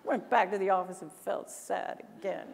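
A woman from Canada giving an animated storytelling keynote on a conference stage, often acting out other people's voices. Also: medium pitch, moderate pace, vocal fry. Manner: animated, acts out quoted voices. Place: large conference hall. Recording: long hall reverb.

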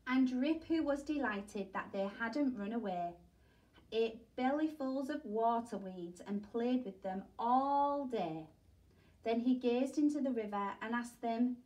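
A woman teacher reads a rhyming picture book aloud for children, telling it expressively. She takes her time, with a fairly high voice. The recording sounds distant, as if she is sitting back from the microphone. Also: unhurried, darkish tone. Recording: voice distant from the mic.

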